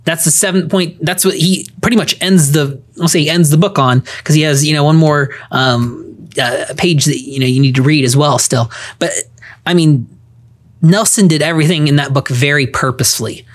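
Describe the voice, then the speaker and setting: A man co-hosting a podcast in casual chat, animated, laughing often and going over points one by one. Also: fairly high pitch, normal speed. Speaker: podcast co-host.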